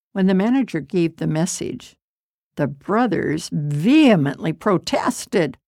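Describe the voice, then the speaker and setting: A woman narrating a scripted story with slow, deliberate reading. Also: lowish voice, lively intonation, vocal fry, a little mellow, no echo, clean studio sound.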